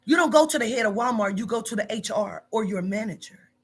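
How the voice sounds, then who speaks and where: A woman's voice: fairly high pitch, animated, quick pace, husky. A woman in her forties, a business owner, scolding bluntly and profanely in a heated phone argument. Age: 40s.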